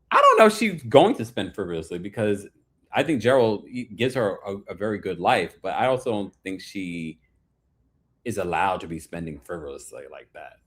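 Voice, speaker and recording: A man's voice: low voice, expressive, brisk, a bit bright. A man hosting a reality TV recap, chatting playfully with sassy asides and reading out viewer super chats. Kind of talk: casual chat.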